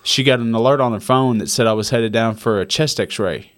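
A man, maybe in his thirties, recounts a personal ordeal in relaxed conversation. His voice sits at an ordinary pitch. He curses freely and circles back over his words. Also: a little fast. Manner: emotional storytelling, profane, repeats himself. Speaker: guest. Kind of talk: casual conversation.

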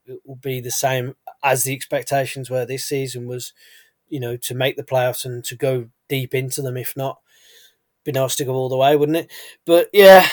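A man's voice: mid-range voice, a little mellow, dry recording. Man, British accent, casual podcast chat, rambling with restarts, dry close sound. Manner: chatty, rambling, frequent fillers and restarts. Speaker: podcast co-host.

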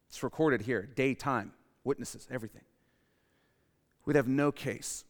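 A man preaching a sermon who swings between loud, emphatic stretches and hushed ones, and calls on the congregation to respond. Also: mid-range voice, normal speed. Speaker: pastor. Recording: reverberant hall.

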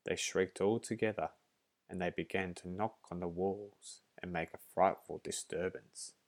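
Slow deep-voiced male storyteller. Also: fairly even intonation. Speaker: narrator. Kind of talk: storybook reading.

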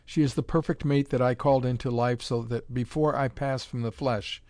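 A man's voice: medium pitch, steady tone, normal speed, a little mellow, no echo, lightly acted. Man voicing a gloating mad scientist. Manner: cold, gloating, smug. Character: mad, mocking male scientist creator.

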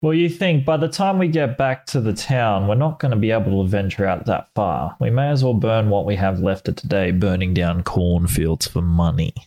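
A man with a fairly low voice playing a tabletop game. He pushes bargains bluntly and swears casually. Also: moderate pace, few pauses, mellow. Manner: blunt, crude, pushy bargaining. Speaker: player.

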